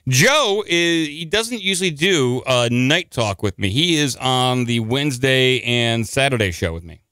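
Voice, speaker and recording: Smooth dry-voiced man hosting a call-in. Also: mid-range voice, expressive, measured pace, pushed and bright, dry recording. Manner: rambling, restarts, chuckles. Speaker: radio call-in show host. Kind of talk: casual late-night call-in talk.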